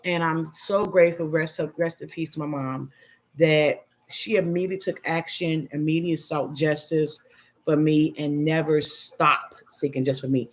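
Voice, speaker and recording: A middle-aged host from the Chicago area runs a casual livestream, reading comments from viewers and speaking bluntly and emphatically as she sips wine. She has a deep voice with a steady tone at a moderate pace.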